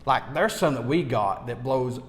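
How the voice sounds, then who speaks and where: A man tells his ghost-hunting stories with mounting excitement, tripping over repeated words. He is the interviewer in a casual chat. A long reverb trails behind his voice in the room. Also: mid-range voice, normal speed.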